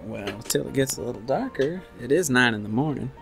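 A man's voice: medium pitch, expressive, fairly quick, vocal fry, fairly bright tone, soft background music. A man voicing a tough old woman who runs an Old West saloon, talking in a drawling frontier twang. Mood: folksy.

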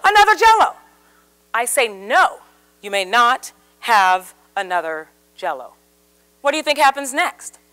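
Woman speaker, high pitch, bright tense tone, animated storyteller, live seminar. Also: measured pace, clear, resonant tone. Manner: animated storyteller, acts out quoted voices. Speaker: communication speaker. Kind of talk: live seminar talk with audience participation. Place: seminar room with live audience.

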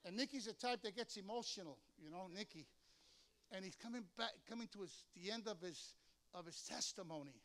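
An older male pastor preaches in a church, spinning anecdotes and slipping into the voices of the people he describes. His voice sits very high for a man and rings bright and forceful. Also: fairly quick. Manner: storytelling, animated, acts out voices in anecdotes. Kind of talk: sermon. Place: church sanctuary.

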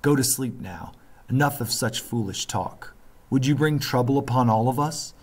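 A man's voice: mid-range voice, moderate pace, voice pushed up, lightly acted. A man reading aloud, voicing a worried, protective island mother from a storybook who scolds her son. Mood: scolding.

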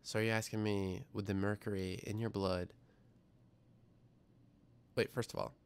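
Reading chat comments out loud on his science livestream, this young male host rambles along with self-deprecating asides. His voice is on the low side, smooth yet creaky, with little pitch movement, at a normal pace.

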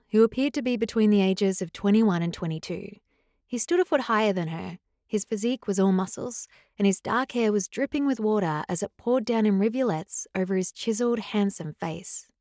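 A woman reading a romance audiobook in an even storytelling manner on a close studio mic. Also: medium pitch, no echo. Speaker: audiobook narrator. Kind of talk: scripted narration.

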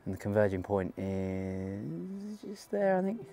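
A man's voice: on the low side, sing-song, measured pace, mellow, faint music behind. A man talking casually to the camera while hiking outdoors on a mountain trail, thinking aloud and joking at his own expense. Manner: chatty, thinking aloud, self-mocking. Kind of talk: casual walking vlog.

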